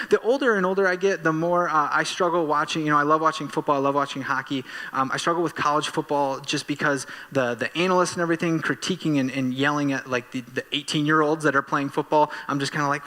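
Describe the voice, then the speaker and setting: Animated pastor preaching in a reverberant hall. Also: male voice, fairly high pitch, a little fast. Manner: animated, self-deprecating storytelling with rising excitement. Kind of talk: sermon. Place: church sanctuary.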